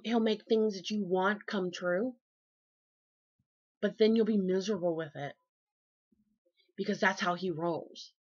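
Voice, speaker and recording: A woman talking in a casual, sermon-like faith vlog, lively and folksy, her voice jumping high and low and loud and soft. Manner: lively, folksy and preachy, with big swings in pitch and loudness. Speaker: vlogger. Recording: dull lo-fi recording.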